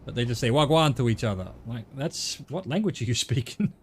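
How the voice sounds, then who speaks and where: A man's voice: medium pitch, expressive, brisk, a little mellow, husky. A middle-aged man with an Australian accent chatting casually on a gaming stream, rambling and swearing now and then.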